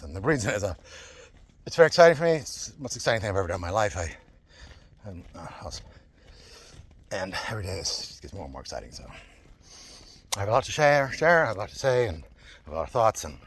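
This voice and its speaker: A man speaks straight to camera in a loose, wandering monologue. His voice is husky, with a pitch that rises and falls a lot. He circles back on himself, repeats phrases and breaks into laughs. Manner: animated, digressive, laughs often, repeats himself. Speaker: vlogger.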